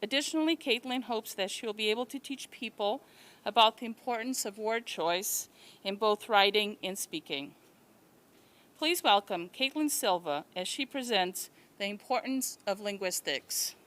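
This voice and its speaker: A woman's voice: mid-range voice, expressive, moderate pace, fairly bright tone. A woman presenting an event, reading a formal scripted introduction of the next speaker. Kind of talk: read introduction.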